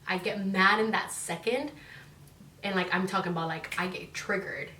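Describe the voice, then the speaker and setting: A woman's voice: medium pitch, normal speed, bright, forceful tone, a little hiss or hum. Young cali girl vlogging, lots of "like" and cussing, kinda far from the mic in a roomy echoey space. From Northern California. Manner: chatty, heavy on "like" fillers, swears freely. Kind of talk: casual chat to camera. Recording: echoey room, voice a bit distant.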